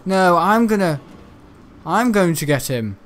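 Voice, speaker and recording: A man narrating his own gameplay in a relaxed, unhurried way, with a voice pitched a little high. He mutters quiet asides, then breaks into loud, excited shouts and laughter. Keyboard typing can be heard in the background. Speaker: gameplay commentator. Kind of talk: casual gameplay commentary.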